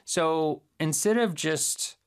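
A woman co-hosting an English lesson, talking in a relaxed, hesitant way with many fillers. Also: deep voice, slow pace, clean tone. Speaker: co-host. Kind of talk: casual teaching chat.

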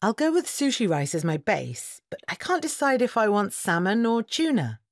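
A woman's voice: mid-range voice, big pitch swings, moderate pace, dry recording, studio quality. A woman voicing a cheerful young diner in a scripted textbook dialogue. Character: young woman undecided over her order.

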